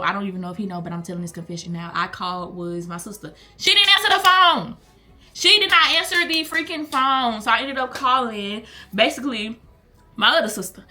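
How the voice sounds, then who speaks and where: A woman, chatting animatedly to viewers as she tells a storytime vlog. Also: medium pitch. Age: late 20s. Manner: animated, chatty, slangy, talks to viewers as y'all. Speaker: vlogger. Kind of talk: casual storytime chat.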